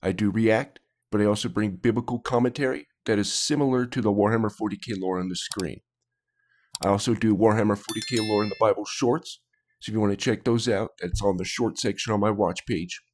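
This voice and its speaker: A man hosting a reaction channel, chatting casually and making quick apologetic asides while he watches. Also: on the low side, fairly even intonation, a little mellow.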